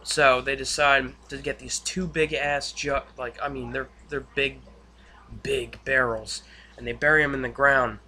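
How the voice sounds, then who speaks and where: A man's voice: mid-range voice, little pitch movement, measured pace, bright, forceful tone, slight background noise. A young man recapping a TV episode in casual, rambling speech with many fillers and restarts. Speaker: YouTube reviewer.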